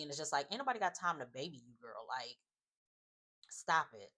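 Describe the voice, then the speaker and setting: A woman's voice: low voice, sing-song, brisk, pushed and bright. A woman giving a casual, opinionated recap of a reality show, chatting loosely with many fillers. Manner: chatty, opinionated, often says "just like" and "um".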